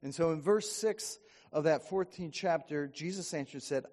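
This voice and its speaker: Folksy pastor preaching in a reverberant hall. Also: male voice, a little high, normal speed, darkish tone. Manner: conversational, folksy, asks the congregation questions. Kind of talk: sermon.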